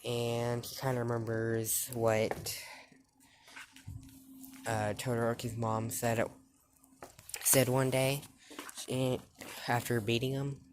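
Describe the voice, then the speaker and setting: A woman's voice: a bass voice, flat delivery, slow, pauses often, noisy background. A woman telling a fan story in a casual, rambling way, full of fillers and restarts.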